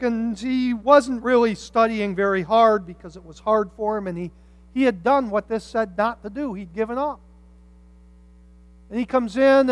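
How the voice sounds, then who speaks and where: A pastor preaching a sermon, telling stories with humorous asides and swinging from quiet reflection to loud emphasis. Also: mid-range voice, no room sound. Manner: animated storytelling with humorous asides.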